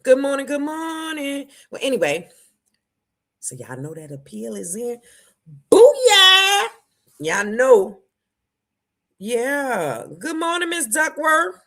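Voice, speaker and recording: A woman hosting a casual livestream, greeting viewers by name, her voice jumping between loud bursts and low asides. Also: very animated, unhurried. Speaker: livestream host.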